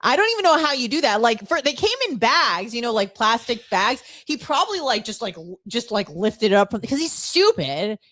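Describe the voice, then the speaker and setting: A woman co-hosting a radio show, telling stories in an animated, profane way and laughing often. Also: on the high side, moderate pace, hardly any pauses, dry recording, clean studio sound. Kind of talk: casual radio chat. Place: radio studio.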